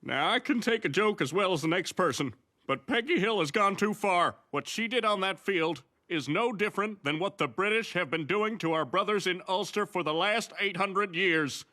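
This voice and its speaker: An actor voicing an aggrieved, indignant Irish-American man making a speech in an animated sitcom. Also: high voice, normal speed.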